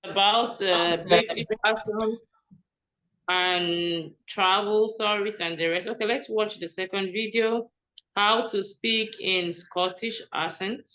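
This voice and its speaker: Online English teacher, mid-pitched, easy and encouraging with the group. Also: steady tone, takes it slowly, bright, forceful tone. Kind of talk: online language class.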